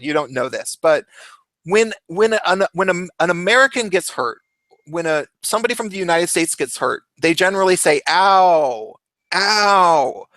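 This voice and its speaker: A man hosting a casual chat stream, telling stories in a rambling, halting way. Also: high voice, a bit bright, no echo. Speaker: stream host.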